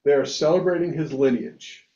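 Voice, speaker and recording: Male rabbi talking fast and animated, kinda high voice, echoey dull recording. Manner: animated, emphatic, many restarts. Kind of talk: casual discussion. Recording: echoey room, dull lo-fi sound.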